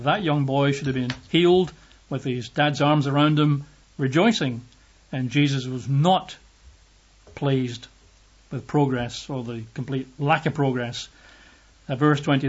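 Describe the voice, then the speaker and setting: A man preaching a sermon, reading scripture and commenting on it in a conversational, emphatic way. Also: mid-range voice. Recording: dull lo-fi recording.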